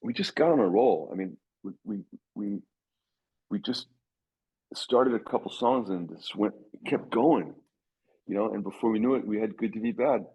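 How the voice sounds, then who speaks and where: This middle-aged guitarist has a warm, husky voice on the low side and talks at a moderate pace, though the recording quality is poor. Being interviewed informally, he rambles through stories, restarting often and acting out quotes.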